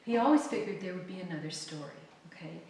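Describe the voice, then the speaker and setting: Middle-aged woman author, animated storyteller, distant mic in a very echoey room. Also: fairly low pitch, fast talker, a little hiss or hum. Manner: animated, laughing, acts out quoted lines. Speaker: author giving a library talk. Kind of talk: storytelling talk to an audience. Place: library event room. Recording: roomy, distant mic with faint ambience.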